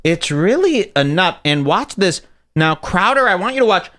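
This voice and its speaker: A man's voice: sits high, normal speed. A man hosting a comedic commentary on a video, ranting and swearing as he mocks what he watches. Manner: profane, ranting, animated. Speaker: host.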